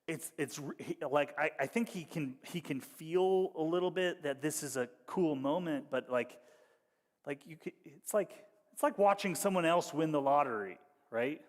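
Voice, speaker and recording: Pastor preaching in a reverberant hall. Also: male voice, a little high, moderate pace. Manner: conversational, wry, shifts between hushed and animated. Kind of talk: sermon. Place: church hall.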